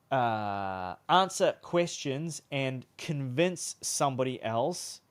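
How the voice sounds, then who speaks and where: A man coaching on sales in a conversational, instructional way, demonstrating different tones of voice. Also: medium pitch. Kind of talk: casual instructional talk.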